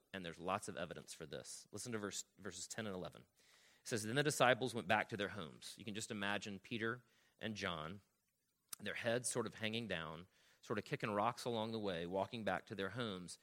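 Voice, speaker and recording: A man's voice: fairly low pitch, a bit bright. A man preaching a sermon as a pastor, reading scripture aloud and explaining it in an earnest, teaching manner that keeps checking in with the congregation. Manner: reads scripture aloud, slowing on key lines.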